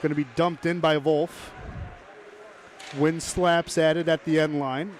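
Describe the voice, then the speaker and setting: A man calling live hockey play-by-play, brisk and chatty, tossing in joking asides. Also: fairly high pitch, little pitch movement, slight background noise. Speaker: play-by-play commentator.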